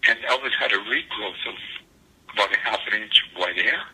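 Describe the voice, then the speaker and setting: A man's voice: lowish voice, a little fast, pushed and bright, slightly rough, poor audio. An older man recounting vivid memories as an interview guest, acting out the dialogue he quotes. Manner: vivid storyteller who acts out quoted dialogue.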